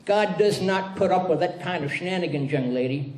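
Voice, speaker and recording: A man's voice: sits high, a little fast, roomy sound, slight background noise, pitched above the performer's own voice, lightly acted. A man voicing a stern, moralizing male preacher who lectures in a condemning tone.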